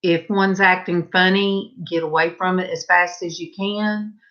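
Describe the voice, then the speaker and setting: A woman's voice: fairly low pitch, fairly even intonation, measured pace, fairly bright tone. An older woman with a Southern US accent, hosting a casual livestream and chatting with viewers in a rambling, folksy way that breaks off to answer comments. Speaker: host of a painting livestream. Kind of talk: casual chat with live viewers. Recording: dull lo-fi livestream audio.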